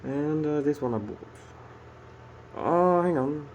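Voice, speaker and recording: A man's voice: on the high side, slow, darkish tone, dull audio, a little hiss or hum. A man ranting casually and swearing as he tells a story to camera. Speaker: vlogger.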